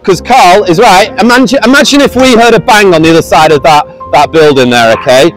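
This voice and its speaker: A man's voice: high-pitched, a little fast, soft background music, poor audio. A man preaching to passers-by outdoors, earnest and pleading, raising his voice at times. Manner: earnest, pleading, raises voice to the street. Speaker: street preacher. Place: outdoors on a busy street.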